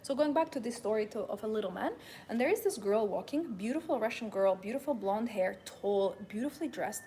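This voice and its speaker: A woman's voice: medium pitch, animated, fairly quick, mellow. A young adult woman hosting a live motivational talk, speaking in a passionate, emphatic, self-assured way. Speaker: host and femininity coach.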